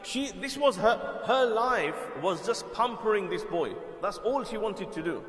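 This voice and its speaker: Unhurried and animated, this Islamic preacher speaks in a high, fairly bright voice as he relates a religious story. Lecturing conversationally, he repeats words and checks on his listeners, all within an echoey hall that has a long reverb.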